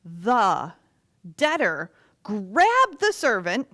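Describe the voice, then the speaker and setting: A woman teaching a children's Bible lesson in animated storytelling that sometimes drops to a loud whisper. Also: medium pitch, extremely slow.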